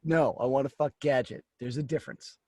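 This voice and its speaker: A man's voice: mid-range voice, steady tone, brisk, a little mellow, dry recording. A man co-hosting a comedy podcast in casual chat, defensive and often trailing off into a mumble. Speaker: podcast co-host.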